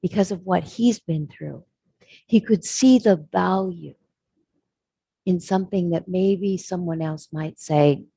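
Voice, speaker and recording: Earnest woman sermon storyteller, lowish and husky. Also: slow pace, warm tone, no echo. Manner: earnest, reflective. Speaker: speaker.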